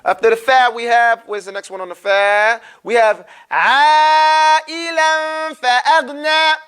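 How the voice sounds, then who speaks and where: A man teaching Quran recitation in a classroom, speaking casually, joking and quizzing his students while sounding out words slowly. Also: extremely high pitch, fairly even intonation, fairly bright tone, smooth.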